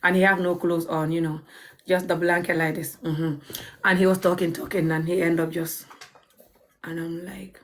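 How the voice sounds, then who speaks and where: A woman's voice: lowish voice, level tone, normal speed. A woman from Gambia with a Gambian accent, chatting casually to her viewers, blunt and cheeky and often breaking into laughter. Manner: cheeky, frank and outspoken. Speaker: vlogger. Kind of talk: casual storytelling chat.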